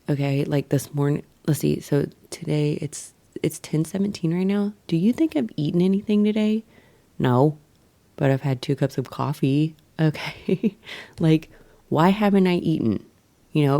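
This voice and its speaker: A young woman with a low, gravelly, mellow voice talks through her morning on a solo podcast. She is blunt and self-critical, swears freely, and keeps restarting with fillers. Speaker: podcast host. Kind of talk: candid solo podcast monologue.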